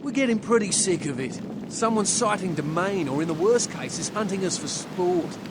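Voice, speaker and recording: A gruff Australian surfer vampire. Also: male voice, sits high, animated, normal speed. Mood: bitter. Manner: blunt, rough, slangy. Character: weary young male surfer turned vampire. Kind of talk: video game voice acting. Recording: loud background noise.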